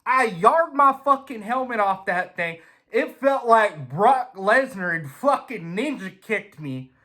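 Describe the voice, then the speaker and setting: A man telling a casual, swear-filled story in an animated way. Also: high-pitched. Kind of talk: casual anecdote.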